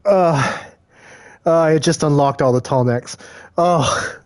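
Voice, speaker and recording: A gamer chats casually while playing a video game, speaking slowly in a fairly high voice. He's easygoing, rambling from topic to topic, cracking jokes and laughing a lot.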